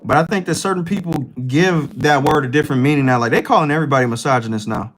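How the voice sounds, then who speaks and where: A man's voice: fairly high pitch, fast, a little hiss or hum, low-quality recording. A man hosting a livestream, chatting loosely and profanely while reacting to his chat. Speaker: livestream host. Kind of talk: casual chat with stream chat.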